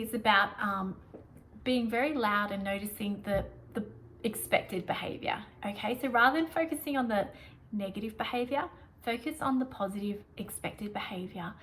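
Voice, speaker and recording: A woman's voice: a little high, a bit bright, slight background noise, rough recording. An Australian woman, a young adult prep teacher, giving chatty, upbeat classroom tips and sometimes dropping to a whisper.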